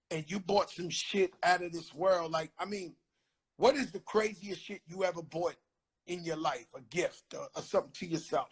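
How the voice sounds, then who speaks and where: A husky, fairly high-pitched man with a New York accent tells street stories in a lively, profane way. He hosts a casual chat over a phone live stream, often acting out the voices he quotes. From the Bronx, New York. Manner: animated, swearing, acts out quotes loudly. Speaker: host. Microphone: phone on a live video stream.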